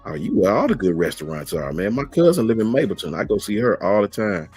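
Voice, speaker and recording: A man's voice: lowish voice, big pitch swings, quick pace, darkish tone, breathy edge, soft background music. Laid-back man hosting a live stream. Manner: laid-back, slangy, reads out and answers chat messages. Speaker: host. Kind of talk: casual live-stream chat.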